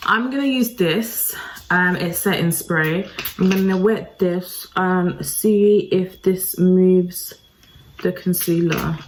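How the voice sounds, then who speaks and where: A woman's voice: on the low side, slow pace, a little hiss or hum, rough recording. A woman talking through a makeup tutorial, chatty and self-deprecating, addressing her viewers directly. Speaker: beauty vlogger. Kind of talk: casual makeup tutorial talk.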